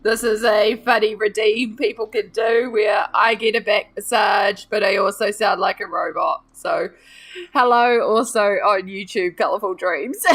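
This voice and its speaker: A woman's voice: mid-range voice, measured pace, fairly bright tone. A woman, chatting casually with viewers on a live stream while she colours, greeting and thanking them by name. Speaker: art streamer.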